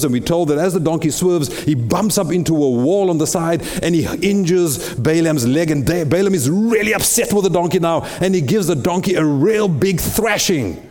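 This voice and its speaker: A man's voice: fairly high pitch, dark tone. A man preaching a sermon, retelling a Bible story dramatically with lots of rhetorical questions. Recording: long reverb in a big hall.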